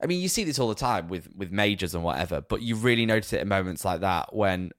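A man's voice: low-pitched, animated, fast, fairly bright tone, no room sound, studio quality. A man in his thirties, a podcast co-host telling stories in casual chat. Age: 30s.

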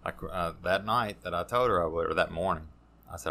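A man, a podcast guest telling his recovery story in a halting, casual way, full of fillers and restarts. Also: low-pitched, bright, forceful tone.

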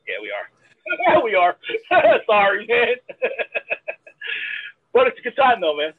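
Casual male guest, husky, animated delivery, profane rambler, narrow phone-line sound. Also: high voice, takes it slowly. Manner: rambling, profane, says man a lot. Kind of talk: casual chat.

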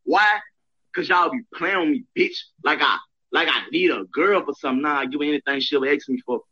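Bright-voiced man on a profane rant. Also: on the high side, a little fast, slightly rough, muffled recording. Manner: profane ranting, repeats himself, shouts at times.

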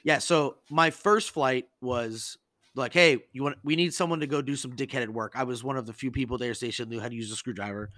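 A man hosting a podcast, telling stories in a casual, animated and profane way and acting out the people he quotes. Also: mid-range voice, fairly quick, dry recording. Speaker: podcast host. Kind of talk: casual storytelling chat.

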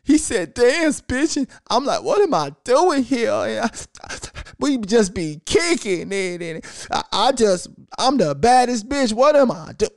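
A man putting on a high, whiny young woman's voice to mock her, exaggerated and shrill. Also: big pitch swings, measured pace, creaky, dry recording, studio quality, exaggerated voice. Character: mocking put-on high voice of a young woman celebrity, whiny and boastful.

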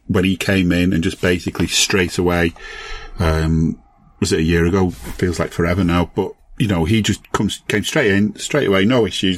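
Man, Liverpool accent, very low voice, casual podcast football chat, rambling, self-correcting. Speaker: podcast co-host.

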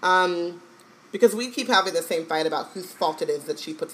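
A woman's voice: on the low side, lively intonation, fairly quick, rough recording. A woman co-hosting a podcast, joking in playful casual banter. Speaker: podcast co-host. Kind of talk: casual chat.

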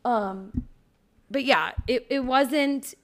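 A woman's voice: fairly high pitch, extremely slow. Swearing woman telling a story. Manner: swears freely, acts out quoted people when telling stories. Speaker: podcast co-host. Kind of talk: casual chat.

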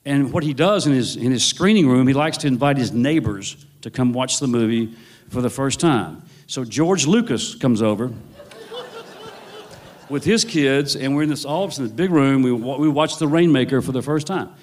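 A man's voice: medium pitch, expressive, normal speed. Wry man telling a long anecdote. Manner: rambling, self-correcting, wry. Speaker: novelist guest. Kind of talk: anecdotal storytelling.

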